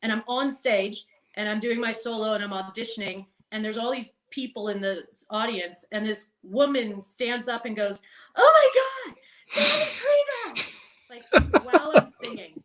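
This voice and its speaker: A middle-aged woman, a podcast guest, telling stories in a casual, animated way, laughing and swearing now and then. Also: medium pitch, moderate pace. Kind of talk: casual storytelling.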